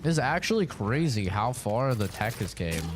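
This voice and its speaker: A man's voice: mid-range voice, very animated, moderate pace, noisy background. A man streaming a horror game live, chatting casually and teasing viewers with plenty of swearing. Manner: teasing, profane, rambling.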